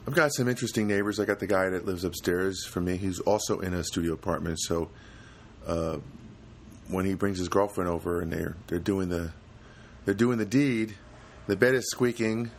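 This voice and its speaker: Low-voiced man rambling through a comic podcast. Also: normal speed, a little hiss or hum. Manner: rambling, self-deprecating, many restarts. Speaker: podcast host. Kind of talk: casual comedic monologue.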